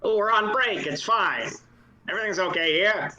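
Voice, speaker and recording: A man's voice: high voice, moderate pace, pushed and bright, lo-fi sound, pitched above the performer's own voice. A man voicing a wry male radio news anchor who answers with dry sarcasm. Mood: wary.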